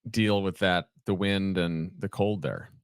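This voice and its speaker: A man's voice: deep voice, a little slow, clear, resonant tone, no echo, clean studio sound. A man hosting a podcast interview, engaged and asking short follow-up questions. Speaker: podcast host. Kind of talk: conversational interview.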